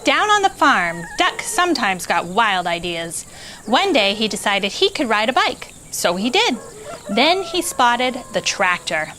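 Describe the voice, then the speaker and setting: Playful storytime host, woman, bright lively voice that swoops a lot. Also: fairly high pitch, a little slow, slight background noise. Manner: animated, playful. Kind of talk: reading a picture book aloud to kids.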